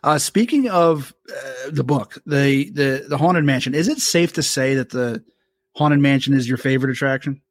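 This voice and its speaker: A man's voice: medium pitch, normal speed. A man hosting a casual interview, joking and poking fun at himself. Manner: joking, self-deprecating. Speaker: host.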